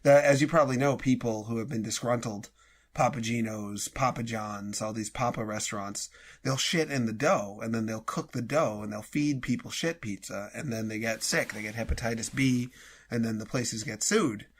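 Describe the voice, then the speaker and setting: A man co-hosting a comedy podcast, rambling in mock-serious banter with many pauses and fillers. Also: mid-range voice, slightly rough. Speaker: podcast co-host.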